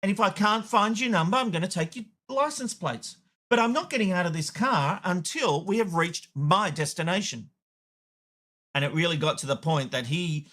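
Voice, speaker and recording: Fairly high in pitch and fairly bright in tone, the middle-aged Australian TV host launches into a blunt rant. He also tells a story, voicing the dialogue as he goes.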